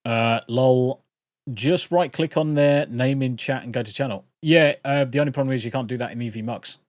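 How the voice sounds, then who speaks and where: A man's voice: mid-range voice, moderate pace, dry recording, clean studio sound. Swearing, rambling British streamer man. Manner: rambling, jokey, swears a lot. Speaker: livestream host. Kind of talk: casual livestream chat.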